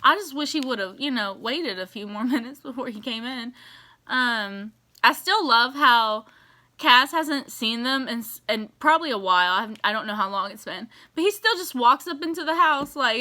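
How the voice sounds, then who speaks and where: A woman giving casual, animated reaction commentary on a TV episode, exasperated and swearing as she rants. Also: fairly high pitch, normal speed. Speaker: TV reaction vlogger.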